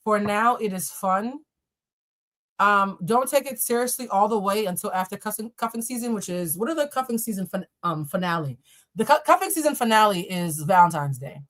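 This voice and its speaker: A woman's voice: mid-range voice, expressive, normal speed, a bit bright. A young woman reading tarot on a live stream, chatting to viewers with casual, profane jokes and asides. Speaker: tarot reader.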